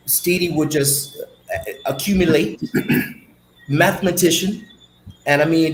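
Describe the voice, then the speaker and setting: Easygoing former cricketer in an echoey room. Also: male voice, fairly high pitch, a little hiss or hum. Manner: relaxed, drawn-out, says man often. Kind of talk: casual reminiscing chat.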